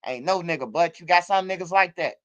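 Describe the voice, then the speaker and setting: A middle-aged man riffs in casual streaming commentary. His voice sits high and sounds bright and smooth. He drifts loosely from point to point and keeps dropping in bro and man. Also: a little fast. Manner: loose, streetwise, repeats words like bro and man. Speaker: commentary channel host.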